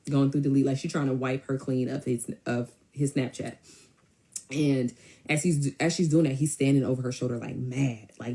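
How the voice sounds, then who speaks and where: A woman telling a personal story in a casual, animated way, with emphatic asides. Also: a bass voice. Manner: animated, emphatic, quick to mimic others.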